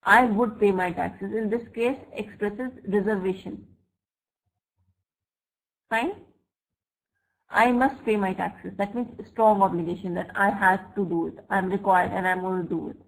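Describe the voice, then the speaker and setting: A woman teaching an online English grammar class. She reads example sentences slowly and checks often with "right?" and "fine?". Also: medium pitch, steady tone, gravelly, poor audio. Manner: slow, deliberate example sentences. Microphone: computer mic for a web class.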